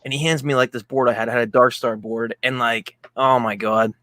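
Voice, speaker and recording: A man of middle pitch trading stories in a casual podcast chat. He talks in a loose, profane way and acts out his anecdotes. The sound is dry, with no room around it. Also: fairly quick, no room sound. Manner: profane, animated storytelling. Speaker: guest co-host.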